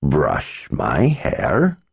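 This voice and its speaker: A man voicing an old wizard, gentle, unhurried, deep voice, fantasy audiobook. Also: huge pitch swings, vocal fry, slightly rough, exaggerated voice. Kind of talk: audiobook character voice.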